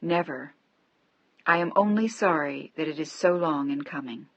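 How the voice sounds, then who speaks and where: A woman voicing a frail, bedridden elderly husband who speaks softly, wearily and tenderly. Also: deep voice, moderate pace, dry recording, dull audio. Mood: weary tender. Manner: soft, weary, affectionate.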